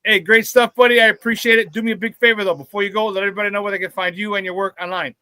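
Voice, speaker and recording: A man hosting a sports talk show, talking excitedly and casually with many restarts and repeated phrases. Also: high-pitched, racing, dry recording. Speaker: sports radio host.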